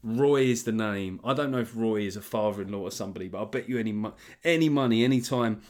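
A man's voice: fairly low pitch, fast, darkish tone. A man hosting a podcast, talking in a rambling, sweary way with jokey asides. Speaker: podcast host. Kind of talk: casual solo monologue.

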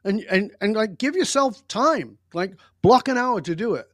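An older man speaking as an interview guest, his voice sitting a touch higher than most men's. He tells his story with blunt, emphatic intensity and a hint of profanity, in a dry, close recording with no room sound. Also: expressive, moderate pace, a bit bright, no echo. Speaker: podcast guest.

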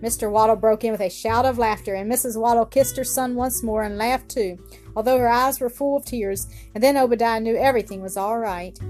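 Female storyteller, fairly high voice, gentle bedtime-story read over faint music. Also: steady tone, brisk. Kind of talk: children's story narration.

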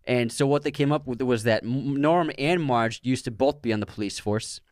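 A man's voice: medium pitch, moderate pace, no echo, studio quality. A man co-hosting a podcast, analyzing films and sharing trivia, often stumbling and restarting words. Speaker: podcast co-host. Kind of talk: casual film discussion.

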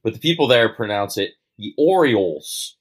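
Young Baltimore man, low voice. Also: moderate pace. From Baltimore, Maryland. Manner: laughs often, relaxed, rambling. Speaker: guest meteorologist. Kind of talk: casual podcast chat.

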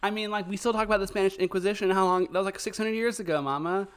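A man's voice: high voice, steady tone, racing, a bit bright, clear, resonant tone. A young man co-hosting a chat podcast, joking in a campy, playful way and laughing often. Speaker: podcast co-host. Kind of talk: casual chat.

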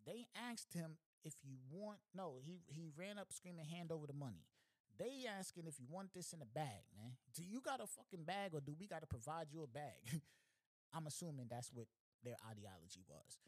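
A man hosting a podcast, telling a story in a casual, slangy, animated way, often asking "you know what I'm saying". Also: a little high, moderate pace, no echo. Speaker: podcast host.

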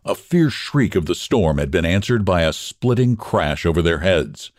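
A man narrating a story in an expressive, measured reading. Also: deep voice, dry recording, studio quality.

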